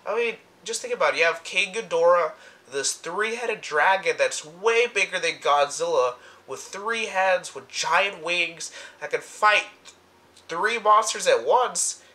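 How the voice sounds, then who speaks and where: Bright-voiced rambling young man. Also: high voice, a little slow. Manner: rambling, excitable, lots of filler. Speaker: movie review vlogger. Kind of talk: casual fan commentary.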